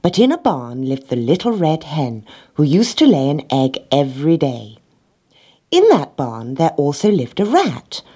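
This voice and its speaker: A woman reading a children's storybook aloud in a gentle, measured way. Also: low-pitched, sing-song, slightly rough.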